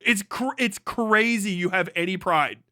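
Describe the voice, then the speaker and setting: A man with a high, bright voice rants mockingly through a livestream reaction. He swears freely and chuckles between his jabs. The sound is close and dry. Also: a little slow, dry recording. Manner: profane mocking rant, laughing between jabs. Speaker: streamer.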